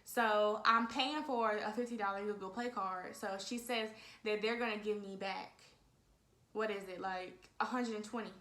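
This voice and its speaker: A woman's voice: medium pitch, fairly even intonation, normal speed, a bit bright. A woman in her twenties telling a story casually and animatedly, talking straight to her viewers and often saying "y'all". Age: 20s. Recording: echoey room.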